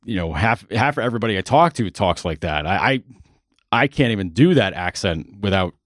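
A man's voice: lowish voice, lively intonation, a little fast, dry recording, studio quality. A man co-hosting a casual sports podcast who talks in a laid-back, rambling way. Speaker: podcast co-host.

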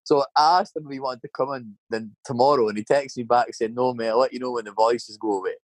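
A man's voice: medium pitch, steady tone, fast talker, no room sound. Middle-aged Scottish man, Scottish accent, rambling and sweary chat storyteller, dry close sound. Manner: swearing, rambling anecdotes with tag questions.

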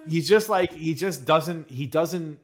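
A man co-hosting a podcast, telling travel stories in casual chat, animated and laughing a lot. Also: fairly high pitch, takes it slowly. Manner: animated storyteller, laughs often. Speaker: podcast co-host. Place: travelling abroad.

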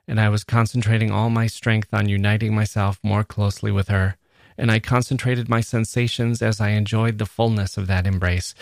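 A man, a podcast host, giving a measured and expressive first-person reading of a literary short story. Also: on the low side, gravelly, dry recording, clean studio sound.

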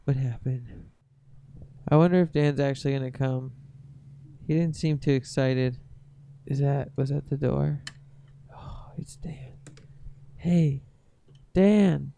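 A man's voice: medium pitch, measured pace, gravelly, long pauses, dark tone, smooth. A young man co-hosting a podcast in casual chat, joking around with goofy wordplay and laughing often. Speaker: podcast co-host.

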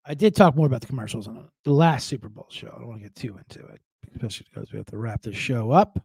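A man's voice: mid-range voice, lively intonation, fast, vocal fry, a little mellow, slightly rough, no echo. A man hosting a podcast from home, talking in a casual solo monologue with profane, jokey, rambling asides. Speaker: podcast host.

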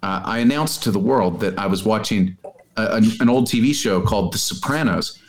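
A man co-hosting a sports podcast in casual, joking banter. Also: brisk. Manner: animated, joking, puts on high silly voices. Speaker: podcast co-host. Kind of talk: casual chat.

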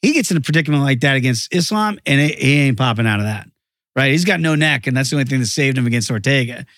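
A man talking as a guest analyst in a casual sports betting chat, animated and emphatic. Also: mid-range voice, fast, no room sound.

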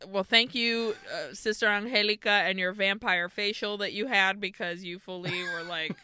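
A woman talks with a bright, crisp voice, recorded close and dry. She is co-hosting a podcast and recapping a horror film in relaxed chat. She is animated and profane, slipping into the characters' lines as she goes. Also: mid-range voice, normal speed, no room sound. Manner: animated, swearing, acts out characters in quotes. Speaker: podcast co-host.

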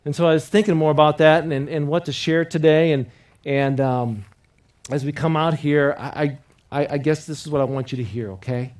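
Preaching briskly in a mid-range voice, a pastor leads his congregation in call-and-response and earnestly repeats key phrases. His sermon alternates between loud, emphatic declarations and quiet, personal appeals.

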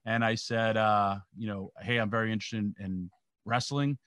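A man's voice: lowish voice, fairly even intonation, moderate pace, fairly bright tone, smooth, no echo, studio quality. A middle-aged man from New York, a former pro wrestler, telling rambling stories in a casual interview and acting out the quotes. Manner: rambling anecdotal, acts out quotes.

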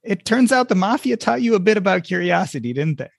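A man's voice: sits high, sing-song, quick pace, vocal fry, dry recording, studio quality. A man hosting a podcast, asking an interview question in an amused, leading way. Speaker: podcast host.

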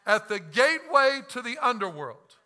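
Fervent high-voiced male preacher. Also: very animated, normal speed. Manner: impassioned preaching, swings between loud and hushed; acts out quoted lines with laughs. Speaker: pastor. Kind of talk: sermon.

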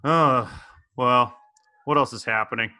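Man, middle-aged, podcast host, casual comedic chat, playful, bright tone. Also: mid-range voice, unhurried. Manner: playful, slips into exaggerated impressions.

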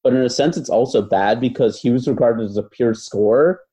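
Speaking a little quickly in a medium-pitched, dark voice, a male basketball podcast co-host lays out his takes. The talk is loose and considered, heavy with fillers and qualifiers.

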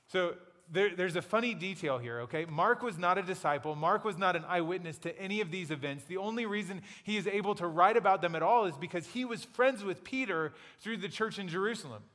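A man preaching a sermon in a conversational, playful storytelling way, slipping into quick acted asides. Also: high-pitched, animated, a bit bright. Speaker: pastor. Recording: long hall reverb.

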